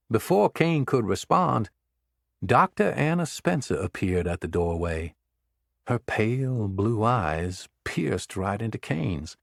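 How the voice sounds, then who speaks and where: A man giving measured, dramatic scripted narration of a thriller audiobook. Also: on the low side, big pitch swings, vocal fry, no echo, studio quality.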